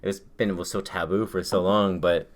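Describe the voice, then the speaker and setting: A man's voice: low voice, steady tone, normal speed. A man co-hosting a casual chat, rambling with lots of fillers and jokes. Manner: rambling, filler-heavy, joking. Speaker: podcast co-host.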